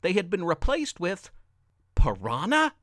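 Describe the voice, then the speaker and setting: Slow, animated male storyteller. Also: a little high, no echo, clean studio sound. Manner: expressive, dramatic storytelling. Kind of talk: read-aloud story narration.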